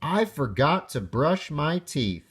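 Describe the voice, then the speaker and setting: A man's voice: fairly high pitch, big pitch swings, slow, a bit bright, breathy edge, full character voice. A man reading aloud and voicing a young boy frog who is eager and forgetful, his lines bouncy and exclaimed. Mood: excited.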